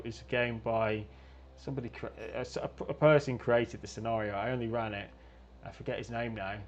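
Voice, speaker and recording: A man's voice: mid-range voice, slight background noise. Male guest, mid-range voice, hesitant and self-deprecating, heard over a dull, slightly muffled video call. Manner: halting, restarts sentences, self-deprecating. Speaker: guest, game designer and game master. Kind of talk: casual chat.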